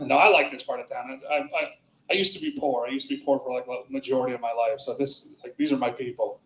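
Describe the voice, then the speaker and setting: A man's voice: mid-range voice, quick pace, a bit bright, slight background noise. A man doing a loose, rambling stand-up set with crowd work in a small club, often laughing at his own jokes. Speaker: stand-up comedian. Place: small club with live audience. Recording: echoey club room.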